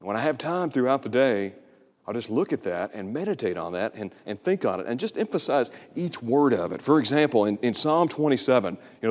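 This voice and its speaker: A man's voice: mid-range voice, big pitch swings, fairly quick. Male preacher, mid-range voice, earnest and emphatic, long hall echo. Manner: earnest, rising to emphatic exhortation. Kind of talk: sermon.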